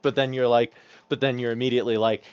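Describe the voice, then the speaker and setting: A man's voice: mid-range voice, quick pace, clear, resonant tone, dry recording, muffled recording. A man playing a tabletop game who teases the others and acts out what they said. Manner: teasing, animated retelling. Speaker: player.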